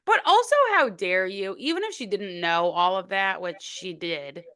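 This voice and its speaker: A woman with a bright, forceful voice in a casual podcast chat. She speaks emphatically, with exasperated asides and the odd swear. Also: mid-range voice, lively intonation, normal speed, smooth. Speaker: podcast co-host.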